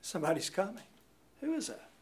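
A man's voice: sits high, big pitch swings, brisk, darkish tone. A man preaching a sermon in a church, emphatic and repeating his key words, recorded from a distant mic in a roomy space.

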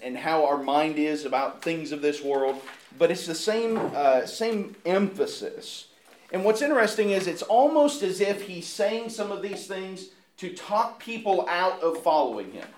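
Casting: male pastor, fairly high voice, earnest sermon delivery with restarts, roomy echo. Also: slight background noise. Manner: earnest, with frequent repeated words and restarts.

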